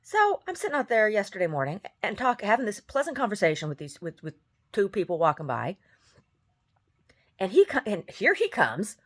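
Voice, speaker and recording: A woman who sings tells a story in a casual, exasperated rant, often mimicking other people. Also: moderate pace. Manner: animated, exasperated, mimics others in high voices. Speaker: singer.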